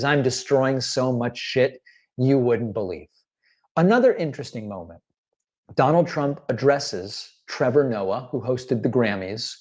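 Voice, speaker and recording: A man walks viewers through clips with analytical, deliberate commentary. His voice sits in an ordinary middle range and he sometimes slips into suppressed laughter. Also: mid-range voice, darkish tone. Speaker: political commentator. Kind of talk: commentary over played clips.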